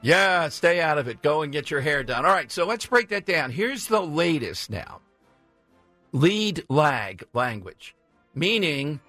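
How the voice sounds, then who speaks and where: A man's voice: fairly high pitch, bright, forceful tone, dry recording. A man hosting a talk radio show, blunt, combative and sarcastic. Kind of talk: opinionated talk radio monologue.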